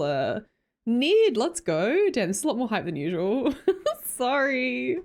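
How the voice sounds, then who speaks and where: A woman's voice: a little high, very animated, takes it slowly, darkish tone. A young woman with an Australian accent chatting casually with her live-stream viewers, laughing often and greeting them by name.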